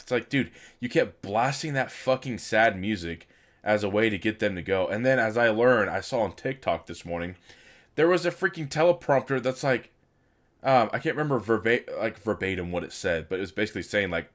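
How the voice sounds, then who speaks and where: Low-voiced man ranting casually. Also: lively intonation, moderate pace. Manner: frustrated, profane, rambling with many fillers. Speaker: video game commentator.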